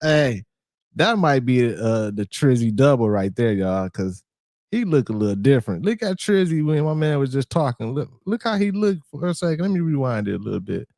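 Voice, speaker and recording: This is a man co-hosting a reaction video who jokes and reacts with disbelief. His pitch moves in a lively way. The sound is dry and close. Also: moderate pace, dry recording. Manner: animated, joking, incredulous. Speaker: reaction channel co-host. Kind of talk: casual reaction commentary.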